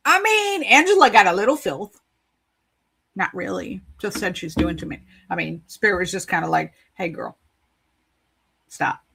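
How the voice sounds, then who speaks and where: A woman's voice: medium pitch, lively intonation, moderate pace, creaky, bright, forceful tone, a little hiss or hum. Chatty woman giving card readings. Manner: chatty, playful and encouraging. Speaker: spiritual card reader. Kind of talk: casual live-stream card reading.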